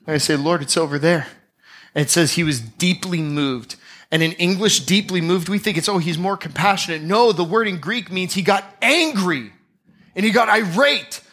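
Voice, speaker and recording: Bright, high-voiced male pastor preaching. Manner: dramatic storytelling, acting out scenes. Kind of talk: sermon.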